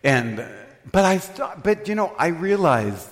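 Older man, preacher, lively swooping voice, laughing storyteller, long hall reverb. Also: fairly high pitch, unhurried. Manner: animated, laughing, self-mocking. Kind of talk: humorous sermon storytelling.

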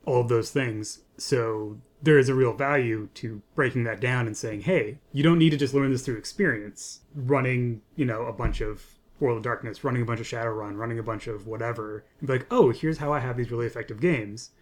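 A man in his middle years co-hosts a game design podcast. He explains things in a loose, chatty way, leaning on "like" and "you know". His voice sits at a plain, middle pitch. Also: brisk, few pauses. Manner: conversational, filler-heavy with "like" and "you know". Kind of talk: casual design discussion.

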